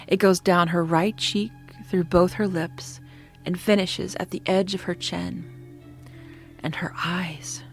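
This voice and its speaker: Woman reading a creepy story, low and kinda gravelly, steady, soft music behind. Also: slow. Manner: steady, descriptive storytelling with hushed moments. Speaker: narrator. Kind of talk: scripted horror story narration. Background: faint background music.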